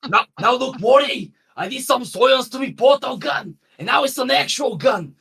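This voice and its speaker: A man voicing a scheming mad old male scientist with a broad put-on Australian accent, in a high, shouty cartoon-parody style. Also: lively intonation, moderate pace, creaky, husky, heavily acted. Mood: ranting.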